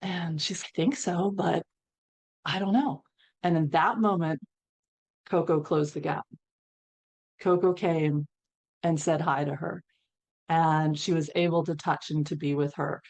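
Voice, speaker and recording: A woman's voice: sits low, measured pace, long pauses. A woman on a panel telling a long healing story, acting out what people said and laughing now and then. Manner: animated storyteller, acts out quotes, laughs between lines. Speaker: panelist, equine-assisted healer.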